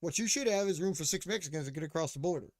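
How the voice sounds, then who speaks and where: Racing through a casual ranting monologue, a high-voiced male podcast host swears freely, mocks his listeners and scatters filler words everywhere. His intonation is lively and his tone darkish, recorded dry and close with no room sound. Mid-rant, he stops now and then to answer chat or a co-host off-mic.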